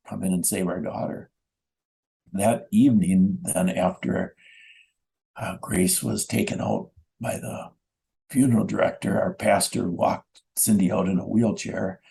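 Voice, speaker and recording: A middle-aged man with a gravelly, fry-laden voice, testifying in a radio interview. His tone is dark and mellow, and he lays out times and doses methodically. He speaks earnestly and insistently. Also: low-pitched, low-quality recording. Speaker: guest, bereaved father.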